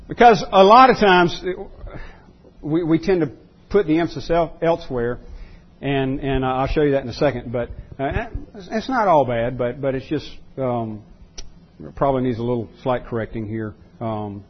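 A male pastor delivers a sermon in a slightly higher, husky voice. He stumbles and restarts often, repeating key words to drive the point home. The recording sounds dull and lo-fi.

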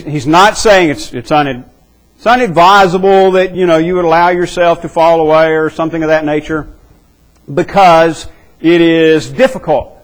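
A man's voice: fairly high pitch, low-quality recording. A man preaching an expository sermon, earnest and emphatic, often repeating words as he works toward his point.

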